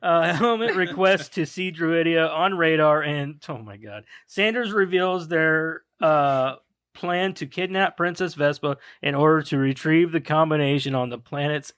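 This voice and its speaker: A fairly high-voiced man hosts a loose movie chat and swears easily. He chuckles his way through a plot recap. The sound is dry and close, with no room around it. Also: a little slow, a bit bright, smooth, dry recording. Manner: swears freely, laughs while reading. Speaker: podcast host. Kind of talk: casual chat, reading a plot summary.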